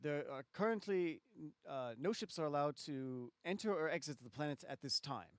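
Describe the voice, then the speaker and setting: A man's voice: fairly high pitch, expressive, no echo, clean studio sound, lightly acted. A man playing a curt blockade officer. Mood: stern. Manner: stern, formal, halting with fillers. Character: curt male droid-army blockade officer.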